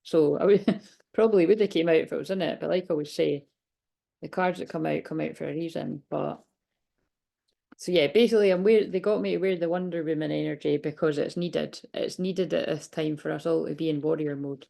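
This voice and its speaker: Woman, late thirties, tarot reader, casual rambling talk, slightly low pitch, gravelly fry, hiccuping, out of breath. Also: steady tone, fairly quick, mellow. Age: 30s. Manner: rambling, chatty, many restarts. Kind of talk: casual tarot reading vlog.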